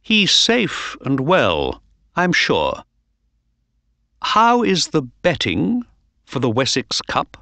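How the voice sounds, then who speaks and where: A man playing a quietly confident detective from a storybook, speaking calmly and with measure. His slow speech rises and falls widely on a close, dry sound. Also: fairly high pitch, vocal fry, dry recording, voice pushed up, full character voice. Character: calm, knowing male detective, quietly confident.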